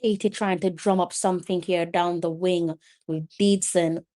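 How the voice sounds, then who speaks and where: A woman hosting a live watch-along, giving casual play-by-play commentary in a chatty way and breaking into loud exclamations at the action. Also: lowish voice, fairly even intonation, normal speed.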